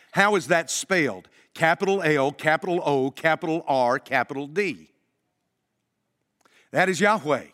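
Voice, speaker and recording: A man preaching a sermon as pastor, emphatic and swinging between loud and hushed delivery. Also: on the high side. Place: church sanctuary. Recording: long hall reverb.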